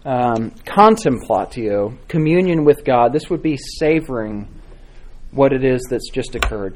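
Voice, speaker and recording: A man teaching a church class on devotional reading, speaking with frequent pauses, fillers and restarts. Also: mid-range voice, slight background noise. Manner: halting, many fillers and restarts, warm encouraging replies. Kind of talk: Sunday school class teaching.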